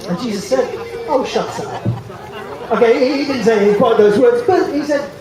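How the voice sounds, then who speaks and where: Man, street preacher, animated, joking, distant echoey sound. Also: extremely high pitch, a little fast, crowd noise. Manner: animated, jokey, acts out biblical voices. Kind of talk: outdoor evangelistic talk. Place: outdoors in a public square. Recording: echoey from far off.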